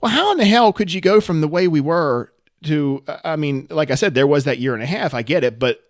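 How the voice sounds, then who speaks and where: A man's voice: a little high, a little fast, no echo. Rambling self-deprecating man, dry mic. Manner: rambling, self-deprecating, animated when telling stories. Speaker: podcast co-host. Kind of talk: casual storytelling chat.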